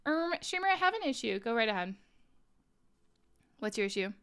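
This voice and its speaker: A woman's voice: a little high, big pitch swings, moderate pace, fairly bright tone, smooth. A woman streamer chatting casually with viewers while crocheting, talking in an incredulous way, laughing often and filling her talk with "like".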